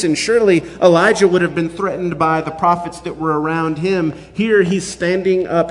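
A man's voice: high voice, long reverb tail. A man as pastor, preaching a sermon and reading scripture aloud in an earnest, emphatic way.

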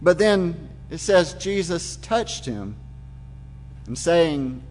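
A man's voice: on the high side, big pitch swings, extremely slow, darkish tone. A man preaching a sermon, retelling the scene in vivid, imaginative detail. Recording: long hall reverb.

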